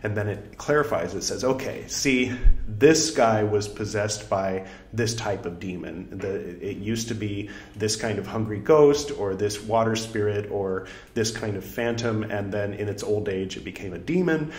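A man's voice: fairly low pitch, normal speed, hardly any pauses, a little mellow. A man reading a religious text aloud and breaking off into casual, joking commentary and self-corrections. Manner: chatty asides, self-corrects and jokes between passages. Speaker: scripture reader and commentator. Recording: roomy echo.

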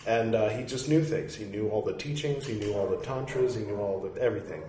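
A man's voice: on the low side, brisk, warm tone. Wry rambling man in an echoey room. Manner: rambling, wry and facetious, frequent asides. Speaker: podcast host reading and commenting. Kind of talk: casual commentary on a reading. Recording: roomy echo, faint background noise.

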